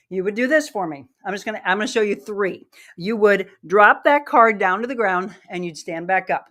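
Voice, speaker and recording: A woman's voice: medium pitch, fairly bright tone. Middle-aged female fitness instructor, winded while demoing exercises, upbeat coaching delivery. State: out of breath. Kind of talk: live workout demonstration.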